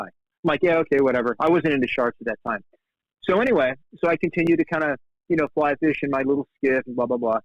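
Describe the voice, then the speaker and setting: A man's voice: fast talker, no echo. A man in his fifties, a fly fishing guide telling casual stories as a guest. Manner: animated, acts out quoted dialogue with big pitch jumps. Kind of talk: casual storytelling in conversation. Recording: dull, dry podcast audio.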